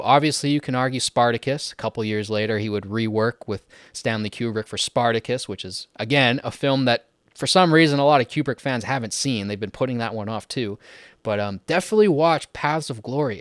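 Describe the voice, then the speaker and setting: A man's voice: mid-range voice, dry recording. Chatty man reviewing films, dry close sound. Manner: chatty and enthusiastic, many likes and ums. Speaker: film list channel host. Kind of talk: casual film review talk.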